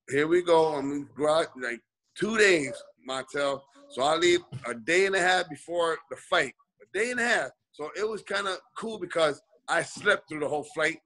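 Man, guest boxer, bright forceful voice, slightly high, video call, rambling with fillers. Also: low-quality recording. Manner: rambling, many "you know" fillers. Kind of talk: casual storytelling in a video-call interview.

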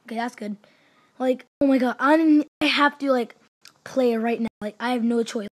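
Hyper high-voiced woman gushing over gameplay. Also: normal speed. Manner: gushing, hyper, repeats exclamations; swings between loud cheers and mumbled asides. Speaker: gaming channel host. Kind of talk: excited gameplay commentary.

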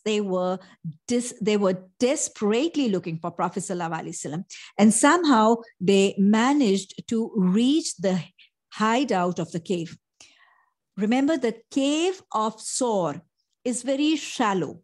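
A middle-aged woman giving a Quran lesson, her voice at an ordinary pitch for a woman. She explains each verse at length and weaves Arabic phrases into her English. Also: expressive, normal speed, a little mellow. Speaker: Quran teacher.

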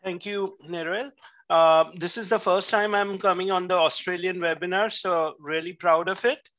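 A man's voice: high voice, fairly even intonation, moderate pace, sharp tone. A man joining a webinar as a guest over a video call, speaking hesitantly with apologies and fillers. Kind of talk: casual remarks on a video call. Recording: dull lo-fi video call audio.

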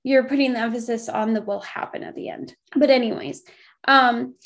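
A woman's voice: fairly high pitch, fairly even intonation, normal speed. A young woman walking through a spiritual workbook lesson informally, thinking aloud with frequent fillers and self-corrections. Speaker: spiritual study guide.

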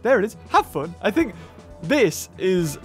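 A man casually commenting on his own game as he plays, excitable, yelping and talking to the game. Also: high-pitched, measured pace. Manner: excitable, talks to the game, yelps and laughs. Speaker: gaming channel host. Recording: game music under the voice.

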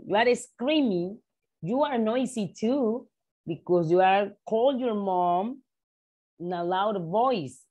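Slow-speaking woman teaching English. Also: mid-range voice, animated, warm tone, slightly rough, muffled recording. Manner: slow, repetitive drilling of vocabulary words. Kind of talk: online class for young children.

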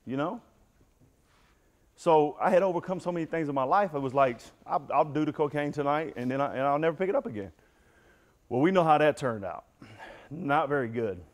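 A middle-aged man giving a candid personal recovery talk to a football team, telling his story and addressing the room directly. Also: medium pitch. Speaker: motivational speaker.

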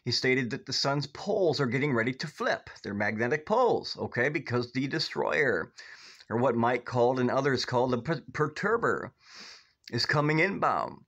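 A man's voice: lively intonation, normal speed, highs cut off. American guy on his vlog, urgent preachy talk, says guys and okay a lot, middle voice. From United States. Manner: urgent, repetitive, often saying "guys" and "okay"; grows loud and high when worked up. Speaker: video host. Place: outdoors in northwest Ohio.

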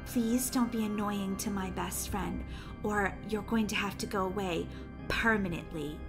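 A woman's voice: medium pitch, measured pace, over music, natural voice. A woman voicing a creepy robot babysitter who stutters on repeated syllables as she glitches. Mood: menacing. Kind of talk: animated game movie voice acting.

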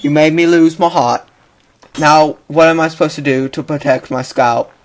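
A man's voice: a little high, moderate pace, a little hiss or hum. A young man commentating on his own game play, chatty and talking to the game and himself. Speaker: gaming youtuber.

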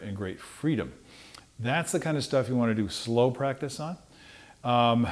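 In a slightly mellow, mid-range voice, a man teaches trumpet in a relaxed, conversational manner. His informal explanations of musical ideas are full of filler pauses and restarted sentences, and he sings out rhythms on syllables to show them.

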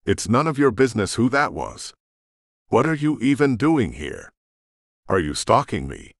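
A man's voice: mid-range voice, big pitch swings, measured pace, gravelly, dry recording, clean studio sound. A man voicing an indignant young woman. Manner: indignant, accusing. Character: angry young woman, defensive and sharp-tongued. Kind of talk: audiobook narration.

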